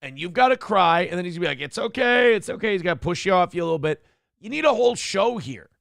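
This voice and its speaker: A man hosting a morning show, reacting to a clip with loud, profane mockery and shouting now and then. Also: sits high, sing-song, racing, vocal fry, dry recording. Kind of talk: crude comedic commentary on a clip.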